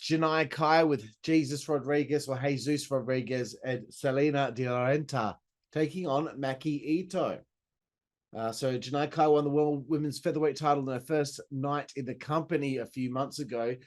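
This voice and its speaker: A man talks through a wrestling event as a podcast host, and his voice sits a little high. He is casual and excitable, drops in swear words and throws in side comments. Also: moderate pace. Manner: chatty and enthusiastic, swears, with asides and laughs.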